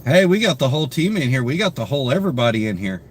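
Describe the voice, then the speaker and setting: A young man chats through his live stream, worn out and yawning, reading viewer comments aloud and greeting them by name. His talk rambles with plenty of fillers, in an everyday mid-pitched voice. A faint hiss sits under the desk-mic recording. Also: very animated, racing. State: tired, yawning. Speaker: livestream host.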